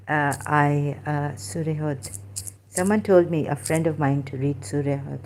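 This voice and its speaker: A woman's voice: low-pitched, fairly even intonation, measured pace, darkish tone, slight background noise. A woman speaking casually to camera, hesitant and searching aloud with many fillers and restarts as she looks up verses. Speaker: ex-Muslim commentator. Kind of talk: casual monologue while looking up verses.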